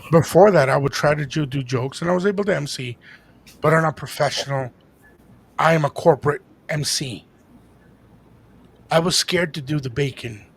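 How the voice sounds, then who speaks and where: A man co-hosting a podcast, telling a story in a casual, animated way and dropping into Spanish now and then. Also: on the high side, normal speed, vocal fry, long pauses, breathy edge. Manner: animated, jumps into impressions, code-switches into Spanish. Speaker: podcast co-host and DJ.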